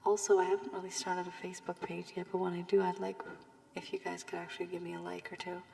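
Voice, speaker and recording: A woman giving a tarot reading with advice, her voice worn from illness, speaking softly and often half-whispering. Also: fairly low pitch, completely flat delivery, fast, gravelly. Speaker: tarot reader. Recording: long room reverb, faint background hiss.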